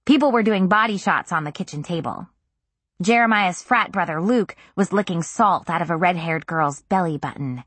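A woman narrating a first-person novel in an intimate, even storytelling manner. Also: on the low side, moderate pace, breathy edge, no room sound. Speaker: audiobook narrator.

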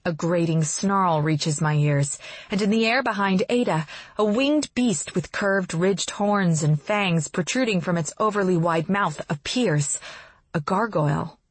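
A woman narrating a first-person fantasy novel in a steady, brisk storytelling manner. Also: mid-range voice, husky, no echo. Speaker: audiobook narrator.

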